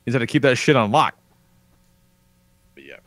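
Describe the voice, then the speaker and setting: A man's voice: mid-range voice, fairly quick, a bit bright, dry recording. A man hosting a podcast, chatting casually and swearing freely as he wraps up the show. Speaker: podcast host. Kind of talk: casual chat.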